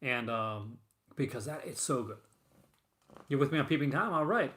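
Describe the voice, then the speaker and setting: On his horror film collecting show, a man chats loosely with live-stream viewers in an expressive, fairly bright mid-range voice at a moderate pace. His talk rambles, thick with fillers and restarts.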